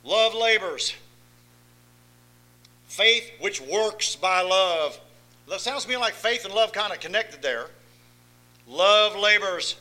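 A man preaching a sermon, swinging between soft asides and loud emphatic lines, often asking the congregation if they follow. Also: high voice, animated, unhurried, poor audio. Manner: folksy, asks listeners if they follow.

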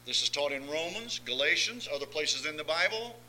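A man delivers a sermon in a high, sharply bright voice. He drops to soft, confiding asides and then rises to loud, stretched-out emphatic lines. He keeps checking whether his listeners follow him. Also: animated, fairly quick, slight background noise, poor audio. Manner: dramatic swings between soft asides and raised emphatic lines; folksy, asks listeners if they follow. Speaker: preacher.

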